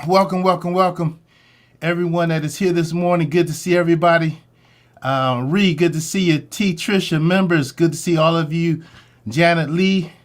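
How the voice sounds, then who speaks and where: A man with a lilt hosts a casual morning livestream and talks loosely to his viewers. His voice sits a little high for a man, and he keeps circling back to the same friendly catchphrases. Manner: chatty, repeats catchphrases, greets viewers by name. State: a little out of breath. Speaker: host of a morning drama-recap livestream.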